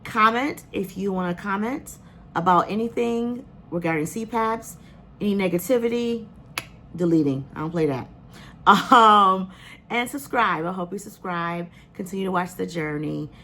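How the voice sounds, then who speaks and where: A woman's voice: medium pitch, normal speed, bright, forceful tone, a little hiss or hum. Earnest, emotional woman vlogging. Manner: earnest, emotional, rambling with many fillers. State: emotional, near tears. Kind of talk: casual vlog talk to viewers.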